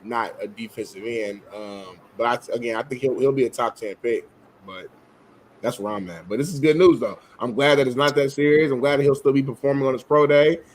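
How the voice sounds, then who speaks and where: Man, sports co-host, medium pitch, relaxed, rambling, faint background noise. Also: a little fast, low-quality recording. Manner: laid-back, rambling, hedging with fillers. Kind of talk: casual sports talk.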